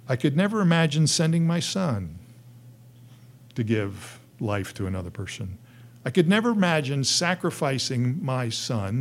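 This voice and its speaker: Earnest male pastor preaching a sermon. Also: mid-range voice. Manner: earnest preaching with rising emphatic peaks and soft hushed drops.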